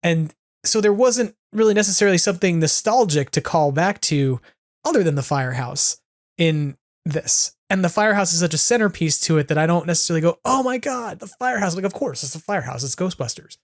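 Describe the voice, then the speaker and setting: A man's voice: on the high side, animated, fairly quick, no room sound, studio quality. A man hosting a podcast, chatting casually and enthusiastically, rambling with lots of "like"s. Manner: enthusiastic, rambling, heavy use of "like". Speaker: podcast host. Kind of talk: casual fan chat.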